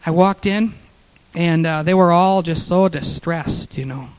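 Fervent high-voiced preacher man. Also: unhurried, clear, resonant tone, rough recording. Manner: earnest, rising to fervent peaks. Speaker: pastor. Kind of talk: sermon storytelling.

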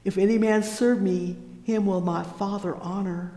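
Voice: medium pitch, steady tone, a little slow, mellow. A preacher giving a fervent sermon, reading old-fashioned scripture and exclaiming praise between lines. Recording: echoey hall.

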